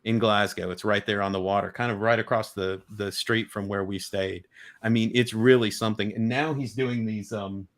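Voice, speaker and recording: A man with a somewhat low voice talks on a video call in an easygoing, rambling way. He keeps breaking off and restarting his sentences. He sounds eager as he speaks. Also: fairly even intonation, moderate pace. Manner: rambling, enthusiastic, many restarts. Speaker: guest collector. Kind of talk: casual chat.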